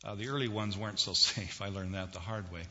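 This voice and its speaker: Bright-voiced preacher in an echoing hall. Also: male voice, fairly low pitch, fairly even intonation, fairly quick. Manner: conversational, dramatic swings in loudness and pace. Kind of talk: sermon. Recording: dull lo-fi recording in a reverberant hall.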